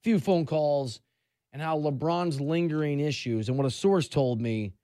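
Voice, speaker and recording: A man's voice: fairly high pitch, unhurried, dark tone, dry recording, studio quality. A man in his forties hosting a sports radio show, chatty and opinionated in a casual monologue. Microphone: studio microphone.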